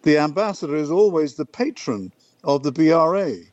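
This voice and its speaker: A man's voice: fairly high pitch, animated, normal speed, darkish tone, no echo, muffled recording. A man talking with a radio host, explaining an upcoming event, fluent with a few restarts. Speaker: event organiser, guest. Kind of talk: casual radio interview chat.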